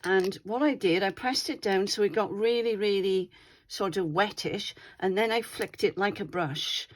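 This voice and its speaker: A woman's voice: medium pitch, moderate pace. A woman hosting a craft channel, chatting casually as she demonstrates her doodles and keeps checking in with viewers. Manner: chatty, often checks in with "all right?".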